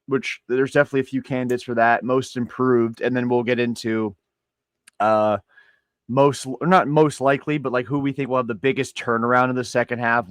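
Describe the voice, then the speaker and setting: Halting podcast host, dry close mic. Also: male voice, mid-range voice, no room sound. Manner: halting, self-deprecating, restarts with fillers. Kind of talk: casual sports podcast chat.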